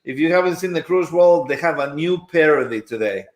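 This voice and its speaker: A man's voice: on the high side, lively intonation, fairly quick, reverberant. A man co-hosting a casual live chat, upbeat and chatty.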